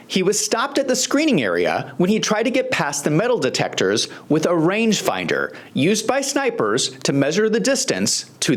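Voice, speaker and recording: Host for scripted commentary: indignant, sarcastic, big pitch swings.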